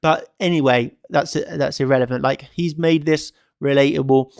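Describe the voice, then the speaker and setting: A man's voice: on the high side, fairly even intonation, normal speed, creaky, no room sound, clean studio sound. A man hosting a crypto trading channel, giving casual market commentary to camera in an emphatic way, repeating phrases for stress. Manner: emphatic and repetitive, stacking phrases.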